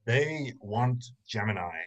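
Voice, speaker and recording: Guy game master narrating combat, lots of uh and um, normal pitch. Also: lively intonation, slow, dull audio. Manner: hesitant, many ums and restarts.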